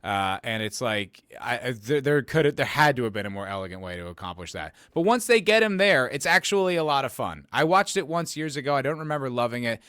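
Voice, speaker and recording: A man's voice: medium pitch, expressive, brisk, few pauses, a bit bright, clean tone, no room sound, clean studio sound. A man hosting a podcast livestream and reading chat messages aloud, rambling casually, swearing and poking fun at himself. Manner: rambling, profane and self-mocking.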